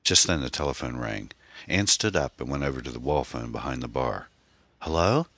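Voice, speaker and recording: A man narrating a mystery novel in an expressive, dramatic storytelling manner. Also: a bass voice, fairly quick, no echo. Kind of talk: audiobook narration.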